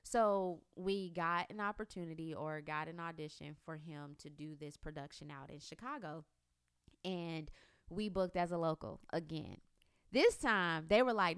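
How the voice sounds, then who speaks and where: Mom telling her faith story, smooth clear voice, super dry sound, acts out what she was thinking. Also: low voice, unhurried, dry recording. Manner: animated storytelling, acts out her own past thoughts. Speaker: mother sharing a testimony. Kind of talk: faith-based personal testimony.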